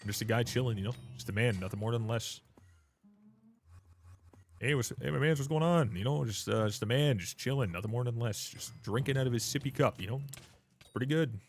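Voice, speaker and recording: The livestream host here is a twenty-seven-year-old man with a medium-pitched voice and a quick pace. He jokes and rambles in a casual, self-mocking way, and a little hiss or hum sits under the audio.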